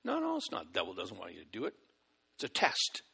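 A man's voice: sits low, huge pitch swings, quick pace, gravelly, pushed and bright, husky. A male preacher giving a sermon, exhorting and folksy, with acted-out asides, in a church hall. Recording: long hall reverb.

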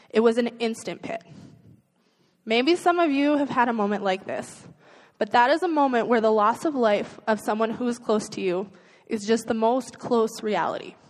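Earnest woman preaching in a reverberant hall. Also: fairly high pitch. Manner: earnest, conversational preaching with rhetorical questions. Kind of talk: sermon.

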